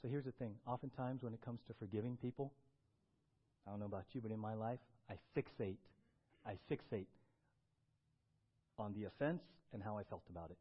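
A man preaching a sermon as pastor, swinging between loud emphatic bursts and quiet, low stretches. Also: fairly quick, pauses often, lo-fi sound.

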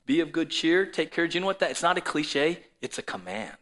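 A man preaching a sermon to a congregation and viewers at home, swinging between loud declarations and soft, low asides. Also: very animated, brisk. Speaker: pastor.

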